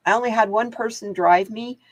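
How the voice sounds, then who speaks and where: A woman's voice: a little high, a little fast, no echo. A woman hosting live card readings, chatting casually to viewers and laughing often as she wanders off into stories. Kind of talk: casual livestream chat.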